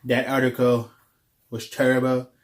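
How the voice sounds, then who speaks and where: A man's voice: medium pitch, completely flat delivery, unhurried, pitched below the performer's own voice, natural voice. A man doing a comic impression of a pompous male politician who repeats himself as he rails at the press. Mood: blustering. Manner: repetitive, declaring things terrible and fake.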